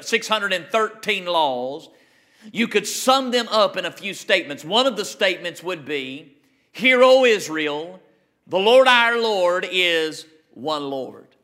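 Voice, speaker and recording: A male pastor preaching an emphatic sermon, slowing down to read scripture. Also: sits high, pushed and bright.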